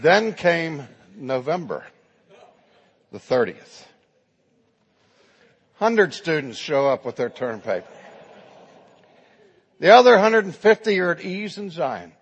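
A man's voice: a little high, big pitch swings, slow, pauses often, slightly rough, highs cut off. A man preaching a sermon, telling a story in a dramatic, emphatic way. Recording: long hall reverb.

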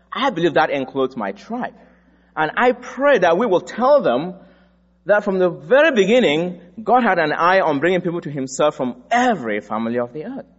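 A man from Africa delivers a sermon, moving between personal stories and firm, emphatic teaching. His voice sits a little high for a man. The recording is dull, with the long echo of a large hall. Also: big pitch swings, moderate pace. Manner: storytelling, emphatic. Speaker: preacher.

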